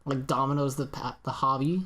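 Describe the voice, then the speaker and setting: A man's voice: mid-range voice, steady tone, fairly quick, bright, forceful tone. A young man co-hosting a podcast, joking around, laughing often and swearing freely. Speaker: podcast co-host. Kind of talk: casual chat.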